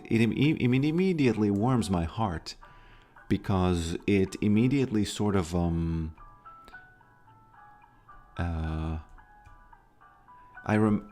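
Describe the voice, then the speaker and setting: A man's voice: lowish voice, animated, a little slow, long pauses, warm tone, faint music behind. A man chatting casually on a live stream, rambling and hesitant with many restarts.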